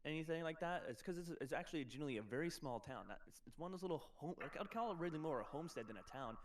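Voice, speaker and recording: A man narrating as game master of a tabletop role-playing game, pausing often with fillers and restarts. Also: on the high side, expressive. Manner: hesitant, lots of ums and restarts.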